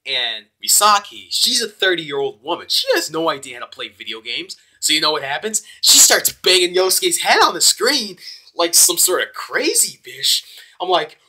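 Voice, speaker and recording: A young man giving a casual, rambling, excitable spoken review of an anime episode. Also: on the high side, normal speed. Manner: excitable, rambling, with many fillers.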